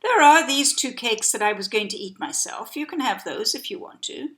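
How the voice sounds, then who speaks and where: A woman's voice: fairly high pitch, animated, moderate pace, a bit bright. A woman voicing a very polite male parrot who speaks patiently.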